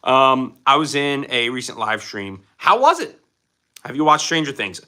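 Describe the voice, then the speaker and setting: Man, young adult, from Philadelphia, live streamer, casual chat, bright tone, expressive pitch. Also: normal speed. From Philadelphia, USA. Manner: animated, reads viewer questions aloud and answers.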